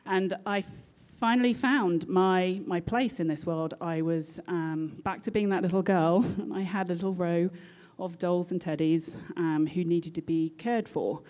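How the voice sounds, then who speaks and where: A woman with a British accent, a nurse telling a personal story in a lively, animated way with frequent laughter. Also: fairly low pitch, unhurried, hardly any pauses.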